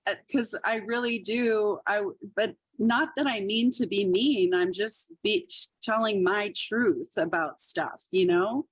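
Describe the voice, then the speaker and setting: A woman's voice: mid-range voice, slow pace, few pauses, slightly rough, no echo. Lady comedian on a podcast, storytelling, lots of laughs, dry mic. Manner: chatty, laughs often, acts out quotes. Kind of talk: casual interview storytelling.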